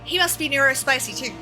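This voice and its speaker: Bright, chatty young woman streamer. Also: high voice. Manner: chatty, swearing, laughing often, talking to chat. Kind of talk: casual gaming livestream chat. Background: faint game music.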